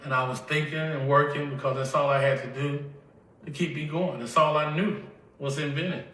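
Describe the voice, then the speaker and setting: A man's voice: on the high side, fairly even intonation, a little fast, pushed and bright. A tearful older man with a Southern accent from Mississippi, telling his life story with emotion and acting out the conversations he recalls. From Mississippi, USA. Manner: emotional, tells events by acting out dialogue. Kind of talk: emotional personal testimony. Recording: echoey room, from a distance.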